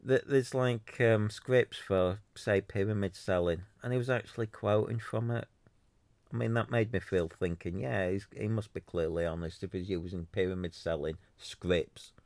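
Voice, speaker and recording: A man with a low, gravelly voice rants on his solo podcast, exasperated and sarcastic. He rambles, restarts his sentences and drops into mocking voices. The sound is dry and close. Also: normal speed, a little mellow, no room sound. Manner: exasperated, sarcastic, mocks others in put-on voices. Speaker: podcaster running a free website.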